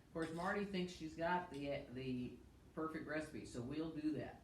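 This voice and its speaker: A woman's voice: low-pitched, normal speed, a little hiss or hum. Chatty woman pastor, echoey room. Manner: chatty, talks while eating. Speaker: pastor and co-host. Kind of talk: casual livestream chat. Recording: echoey room, mic far off.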